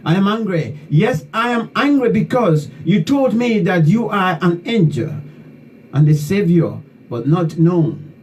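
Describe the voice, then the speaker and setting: A fervent man with a somewhat high, mellow voice, hosting an online talk show and lecturing his listeners with repeated phrases. He sounds a little far from the mic, with faint noise behind him. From Liberia. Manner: fervent, repetitive, scolding the audience. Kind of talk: impassioned political commentary.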